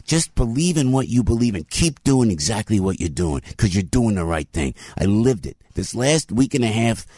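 A middle-aged man hosting a radio show, telling a story with excited emphasis. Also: lowish voice, moderate pace, husky, no echo, studio quality. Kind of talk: animated storytelling monologue.

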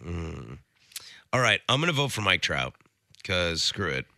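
A man's voice: sits low, big pitch swings, a little slow, creaky, pushed and bright, no echo. Sarcastic male radio host, dry studio sound, casual banter. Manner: sarcastic, teasing. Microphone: studio mic.

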